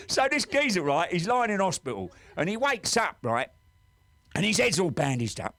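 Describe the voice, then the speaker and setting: A man's voice: sits high, sing-song, normal speed, fairly bright tone, no room sound. An English man telling rambling, cheeky pub stories and jokes, full of "right?" and "he said". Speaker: guest storyteller.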